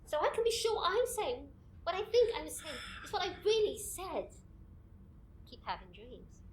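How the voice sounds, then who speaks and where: A woman's voice: very high voice, lively intonation, moderate pace, reverberant, low-quality recording. A woman playing a tired archivist who talks in a hesitant, uneasy way. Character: tired young woman archivist haunted by dreams. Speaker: archivist recording old stories.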